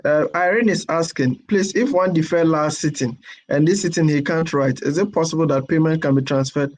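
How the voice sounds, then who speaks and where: A man moderates an online session, reading out audience questions in a polite, slightly halting way. His voice sits somewhat high for a man. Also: poor audio. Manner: reads out audience questions, polite, repeats words. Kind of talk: webinar moderation.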